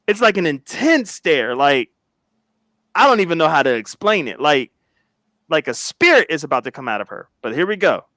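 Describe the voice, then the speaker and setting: High, animated man hosting commentary. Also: normal speed, no echo. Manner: dramatic, animated, exclamatory. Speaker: host. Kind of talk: reaction commentary.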